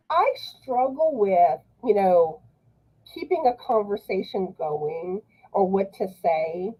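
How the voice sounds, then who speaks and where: A woman's voice: medium pitch, warm tone, slightly rough, low-quality recording. A woman guest on a live chat, speaking hesitantly with many fillers and restarts. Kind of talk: casual chat on a live stream.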